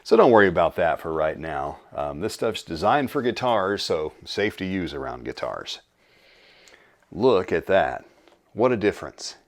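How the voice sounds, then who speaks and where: A middle-aged man with a fairly low voice hosts a relaxed workshop vlog. His pitch rises and falls freely as he talks in a folksy, unhurried way, with friendly asides and the odd filler. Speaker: channel host restoring guitars. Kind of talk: casual workshop how-to vlog.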